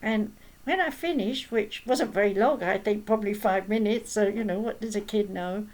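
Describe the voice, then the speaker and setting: A woman's voice: medium pitch, moderate pace, a little mellow, low-quality recording. A woman medium and healer talking casually, telling stories and tossing in rhetorical asides. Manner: chatty, storytelling, with rhetorical asides. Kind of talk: casual spoken talk.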